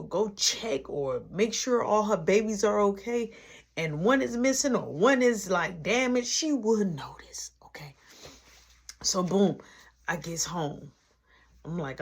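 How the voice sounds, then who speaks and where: A woman's voice: mid-range voice, breathy edge. A young woman vlogger telling a personal story in a casual way. She retells it dramatically, dropping into whispered asides.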